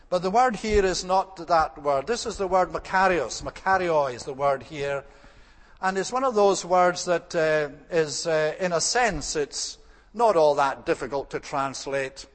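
A man preaching a sermon, explaining scripture in a measured way with frequent hesitant pauses. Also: on the high side, long reverb tail.

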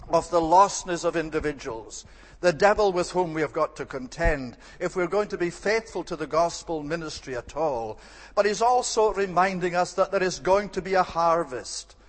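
A man preaching a sermon in an evening church service, measured and emphatic, pausing on the occasional um. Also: high voice. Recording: long hall reverb.

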